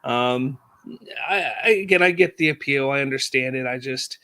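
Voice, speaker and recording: A man's voice: mid-range voice, moderate pace, pushed and bright. A man in his thirties hosting a casual family chat as a father, easygoing and joking, chuckling often. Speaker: podcast host and father.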